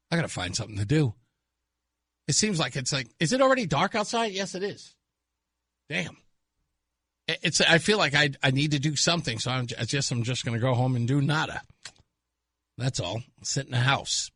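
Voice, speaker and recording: A man hosting a radio talk show in casual, animated chat, laughing often and sometimes dropping into a low murmur. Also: slightly rough, no echo, studio quality. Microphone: studio microphone.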